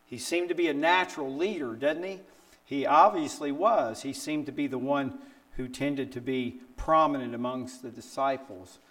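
Older male pastor, sermon delivery, animated storyteller who tosses out rhetorical questions and leaps up in pitch for quotes. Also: normal speed. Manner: acts out quotes with big pitch jumps.

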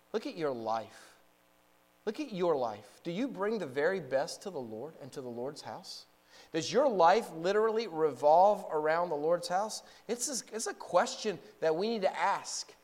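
A man preaching a sermon. He asks the congregation rhetorical questions and moves between hushed low points and rising, emphatic peaks. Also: animated, normal speed.

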